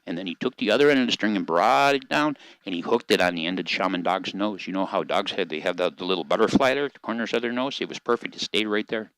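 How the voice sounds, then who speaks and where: An older man telling a story aloud in a slow, gentle, measured way. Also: low voice, clean tone, dry recording, rough recording.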